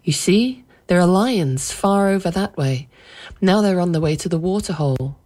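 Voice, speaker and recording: A woman's voice: lowish voice, animated, moderate pace, warm tone. A woman reading aloud voices an easygoing husband who talks in a light, amused, reassuring way. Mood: calm, amused. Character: easygoing amused husband, middle-aged man.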